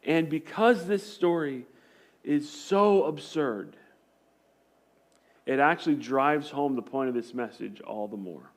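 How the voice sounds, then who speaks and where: A man's voice: on the high side, takes it slowly, long pauses. A male pastor preaching in a conversational style, hammering his points home with emphatic repetition. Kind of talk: sermon.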